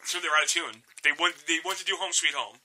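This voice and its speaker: A man appearing as a studio guest, talking about music in a blunt, opinionated way with plenty of swearing. His voice sits slightly high and sounds very bright. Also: quick pace, low-quality recording. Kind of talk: casual studio chat.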